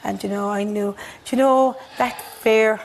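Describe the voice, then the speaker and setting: Irish woman guest on a TV studio couch, very gravelly voice and flat intonation, halting, breaks into whispers. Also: mid-range voice, a little hiss or hum, rough recording. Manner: halting, repeats herself, drops to near whispers. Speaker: bereaved mother, guest. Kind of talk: emotional interview recollection.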